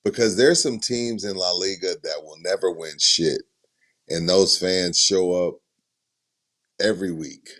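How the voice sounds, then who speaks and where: A man's voice: sits low, unhurried, fairly bright tone. A man co-hosting a casual sports podcast from a studio, arguing his points emphatically and telling stories to make them. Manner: emphatic, argumentative storyteller. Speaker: podcast co-host.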